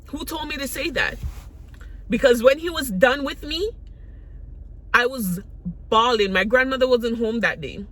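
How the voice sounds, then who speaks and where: A woman's voice: fairly high pitch, expressive, unhurried, pauses often, a bit bright. A woman raised in the Caribbean, telling personal stories to her vlog audience in a candid, rambling way with many restarts. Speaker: vlogger. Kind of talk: personal storytelling to camera.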